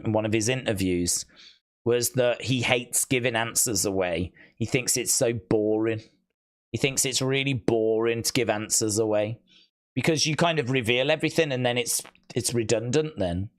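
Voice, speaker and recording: A man's voice: mid-range voice, a bit bright. Rambling male wrestling stream host. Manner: rambling, musing aloud, reads viewer comments. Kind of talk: live watch-along chat.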